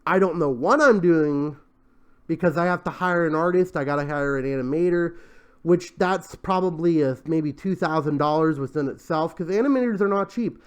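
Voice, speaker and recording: A man's voice: fairly high pitch, moderate pace, smooth. A young man hosting his own commentary show, talking casually and sarcastically, exasperated, with frequent sighs and restarts. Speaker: show host. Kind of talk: commentary on crowdfunding pitches.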